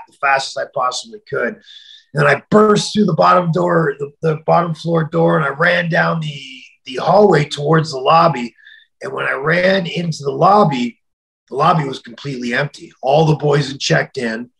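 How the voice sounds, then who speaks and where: A middle-aged man telling a story in an interview, acting out the quoted voices and sometimes shouting them. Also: mid-range voice, gravelly, low-quality recording. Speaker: interview guest.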